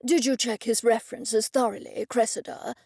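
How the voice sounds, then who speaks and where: A woman voicing a fussy, haughty gentleman who talks in a pompous stage whisper. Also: on the high side, fairly even intonation, moderate pace, vocal fry, dry recording, clean studio sound. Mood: conspiratorial.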